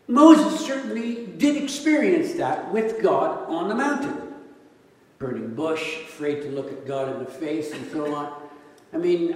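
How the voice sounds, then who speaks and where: A man delivers a sermon in a relaxed, conversational way, often checking in with rhetorical questions. His voice sits a little high for a man. It reaches the microphone from some distance, with heavy echo and a long reverb from a large church hall. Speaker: pastor. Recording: echoey hall, mic at a distance.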